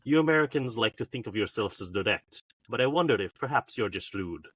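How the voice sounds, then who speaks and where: A cold, cutting adult Russian official, put on by a man quoting a film. The accent is laid on thick and the delivery is dry and scornful. The voice sits low and carries a bright, forceful edge. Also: lively intonation, fairly quick, slight background noise.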